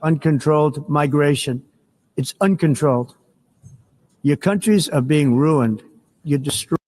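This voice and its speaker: A man's voice: a little high, a little slow, darkish tone. An older man from the United States giving a formal speech to an assembly, rambling and boastful.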